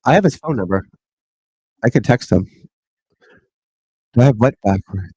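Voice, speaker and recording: Golf pro guy on a stream, loud and cussing, super lively voice, dry close mic. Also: medium pitch, normal speed, husky, dry recording, low-quality recording. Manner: loud, swearing, rambling and frustrated. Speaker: golf pro livestream host. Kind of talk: casual livestream chat. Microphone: desk mic at computer.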